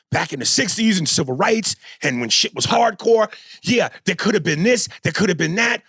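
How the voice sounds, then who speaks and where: A man's voice: sits high, lively intonation, moderate pace, few pauses, slightly rough, no echo, clean studio sound. A man co-hosting a podcast, arguing heatedly, swearing and raising his voice to make his point. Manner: loud, profane, shouting and insistent in argument. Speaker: podcast co-host.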